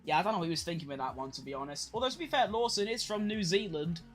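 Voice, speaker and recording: A young streamer talks through a race watch-along in a loose, rambling way, throwing in casual swears. The voice sits at a middling pitch for its kind, and faint music plays quietly underneath. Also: animated, rapid-fire.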